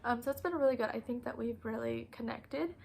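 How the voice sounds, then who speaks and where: A woman's voice: a little high, brisk, vocal fry, darkish tone, husky, poor audio. A young woman who teaches preschool, casually telling classroom stories in a vlog, often laughing. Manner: chatty, laughs often, acts out kids' voices.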